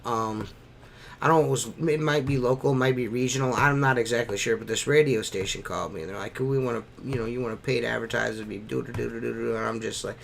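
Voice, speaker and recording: A man's voice: medium pitch, fairly even intonation, fast, vocal fry, slight background noise. A man telling stories in a casual podcast chat, swearing freely and ranting about bills. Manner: profane, ranting storyteller. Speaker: podcast host.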